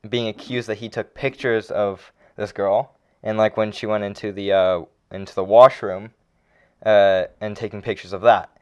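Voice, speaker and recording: A young man co-hosting a casual podcast, telling a story in a halting, hesitant way. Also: on the low side, level tone, clear, resonant tone, lo-fi sound. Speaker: podcast co-host. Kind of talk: casual chat.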